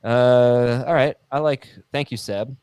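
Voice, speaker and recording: Male podcast host, playful and laughing, mid pitch, dry close mic. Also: takes it slowly, a little mellow, clean tone, no echo. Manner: jokey, laughing, reads listener emails aloud. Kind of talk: casual sports chat.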